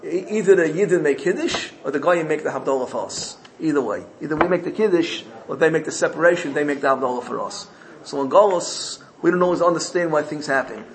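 A man teaches a Torah sermon, telling his parable in an animated way and often stopping to correct himself. His voice sits a little high with a gravelly, creaky texture. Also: fast talker, a little hiss or hum, low-quality recording. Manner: animated storytelling, frequent self-corrections.

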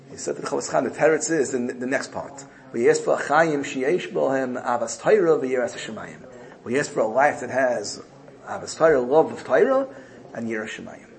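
A man's voice: medium pitch, lively intonation, brisk, gravelly, low-quality recording. A man giving a Torah lesson in sermon style, telling a story emphatically and often repeating his phrases. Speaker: Torah teacher.

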